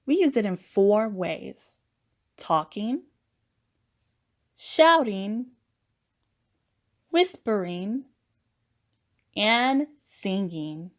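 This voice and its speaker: A woman narrating a children's lesson on voices, gentle and encouraging. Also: mid-range voice, sing-song, extremely slow, pauses often.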